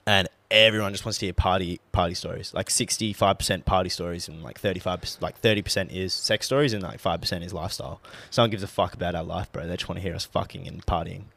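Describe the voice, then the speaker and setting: A man's voice: low-pitched, steady tone, fast talker, vocal fry, few pauses, a bit bright, no echo. A young man co-hosting a podcast in casual chat, laid-back and swearing freely. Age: young adult. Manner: laid-back, swears a lot, trails off with fillers. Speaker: podcast co-host.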